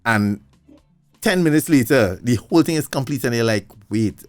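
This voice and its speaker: A man co-hosting a casual talk show, animated and laughing often as he makes his points. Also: mid-range voice, normal speed, no room sound, soft background music. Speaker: podcast co-host. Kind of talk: casual conversation.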